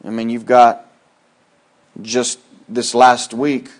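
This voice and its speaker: A man preaching a sermon, moving between loud, high-pitched emphatic lines and low, quiet asides. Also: little pitch movement, takes it slowly. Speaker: pastor.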